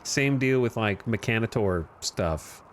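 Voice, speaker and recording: A man's voice: on the low side, expressive, unhurried, a little hiss or hum. A man giving casual, wry, self-deprecating commentary while streaming a game.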